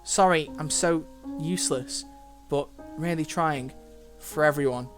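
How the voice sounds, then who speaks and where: A man's voice: very high voice, lively intonation, brisk, over music, voice pushed up. Man voicing a tearful teenage girl. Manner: soft, tearful, self-blaming. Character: cheerful teenage girl, sobbing and apologetic.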